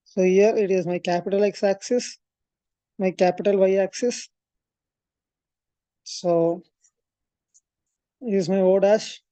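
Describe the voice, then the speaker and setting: Woman, maths tutor, mellow voice, dry close sound, talks through steps with fillers. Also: medium pitch, steady tone, takes it slowly, pauses often, no room sound. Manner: explains step by step, thinks aloud with fillers and self-corrections. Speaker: maths coaching teacher. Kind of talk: classroom lecture at a board.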